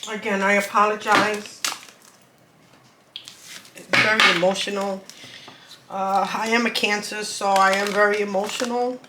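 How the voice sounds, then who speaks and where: A woman's voice: mid-range voice, little pitch movement, unhurried, pauses often, very noisy. A woman giving an intuitive card reading to her viewers. She talks earnestly, repeats words and urges her listeners on. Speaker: spiritual card reader.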